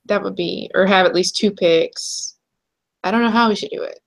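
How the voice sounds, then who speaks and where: A young woman co-hosting a casual chat show, chatty and quick to laugh. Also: medium pitch, vocal fry. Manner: chatty, laughs easily, trails off and restarts. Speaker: podcast co-host.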